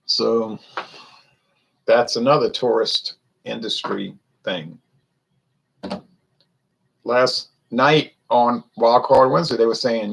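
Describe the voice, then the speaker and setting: Man from Louisiana with a gravelly voice and mid pitch, wry, rambling host chatting with viewers. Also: a bit bright, low-quality recording. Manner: wry, rambling, self-correcting, talks to viewers. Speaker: beer reviewer. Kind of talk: casual solo livestream chat.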